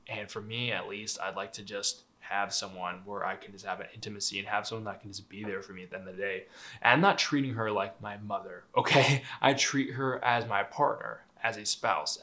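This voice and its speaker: A man's voice: fairly low pitch, pushed and bright. A young man giving relationship advice in a casual, candid monologue, swearing freely, laughing lightly mid-sentence and tossing in "right?" asides.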